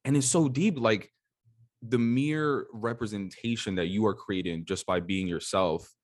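A man hosting a casual interview podcast, affirming his guest and reflecting slowly. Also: fairly low pitch, no room sound, studio quality. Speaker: podcast host.

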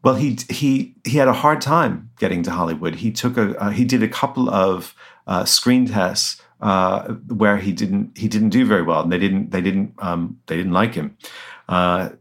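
A man's voice: on the low side, moderate pace, fairly bright tone. A man being interviewed about his book, answering hesitantly with many restarts and fillers. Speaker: author guest.

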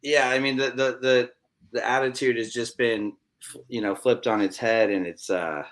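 A man, a musician guest, giving opinionated views in a casual chat, halting and restarting his sentences. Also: medium pitch, steady tone, fairly bright tone.

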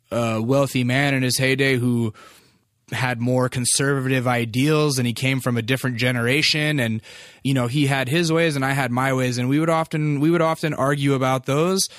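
A man's voice: medium pitch, dry recording, clean studio sound. A man in his thirties telling a personal family story in a loose, candid, filler-heavy way, swearing freely. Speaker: vlogger.

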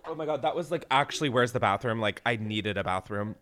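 A woman co-hosting a casual chat, loud and animated, swearing often and bursting into laughter. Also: rumbling low, quick pace. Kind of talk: casual chat, tasting celebrity liquor.

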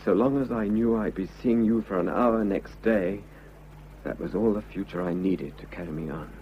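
An actor playing an unhappily married man who confesses his love, earnest and halting, in a vintage radio drama. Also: on the low side, a little hiss or hum, lightly acted. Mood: earnest pleading. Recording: dull lo-fi old radio recording.

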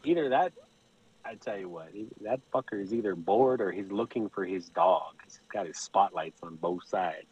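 A man, a podcast guest telling stories in casual chat, animated and profane, laughing often. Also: sits low, moderate pace, slightly rough, muffled recording.

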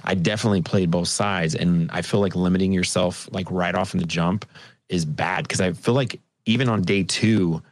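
A man's voice: low-pitched, steady tone, moderate pace. A man in a casual chat, sharing his thoughts in an easygoing, reflective way.

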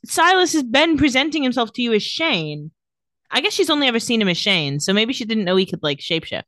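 A woman co-hosting a casual podcast, recapping a TV episode and paraphrasing its dialogue. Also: on the high side. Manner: animated, reads out dialogue in quick paraphrase. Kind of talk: casual chat.

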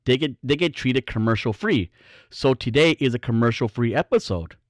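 A man's voice: medium pitch, animated, normal speed, dry recording, studio quality. A man hosting his own podcast, ranting bluntly in a casual, profane, rambling way. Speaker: podcast host. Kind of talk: casual solo podcast rant.

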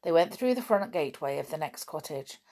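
A woman with a fairly low voice narrates a children's storybook. Her delivery is calm and even, unhurried between the characters' lines. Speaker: audiobook reader.

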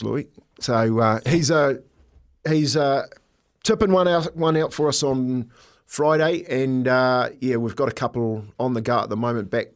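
An older man co-hosting a breakfast radio show. He rambles through a story with lots of "you know" and asides. His voice sits at an ordinary middle pitch. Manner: animated storytelling, many fillers and asides. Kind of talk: casual radio chat.

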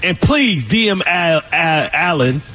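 A man co-hosting a sports talk radio show in a loud, brash, high-energy way, trash-talking and boasting. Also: lively intonation, slow. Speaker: radio co-host.

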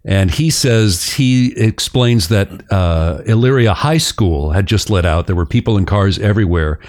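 A man's voice: fairly low pitch, moderate pace, a little mellow. A man hosting a podcast, telling a story in a casual, joking way. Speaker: podcast host.

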